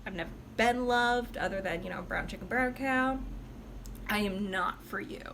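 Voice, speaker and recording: A woman's voice: medium pitch, moderate pace, a bit bright, a little hiss or hum, natural voice. Woman doing a sassy party hostess. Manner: breezy, sassy, talks to herself. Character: flirtatious party hostess, sassy and self-assured.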